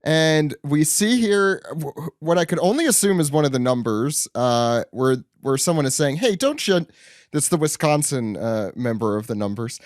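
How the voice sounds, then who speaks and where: A man's voice: medium pitch, moderate pace, few pauses, dry recording, studio quality. A man co-hosting a podcast, joking and laughing often as he chats about a manga chapter. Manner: joking, laughs often, drops into silly voices. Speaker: podcast co-host.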